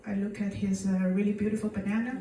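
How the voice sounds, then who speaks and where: A woman from China performing stand-up comedy in halting English, delivered deadpan. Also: medium pitch, slight background noise. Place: comedy club stage. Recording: echoey room from far off, crowd laughter. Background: audience laughing.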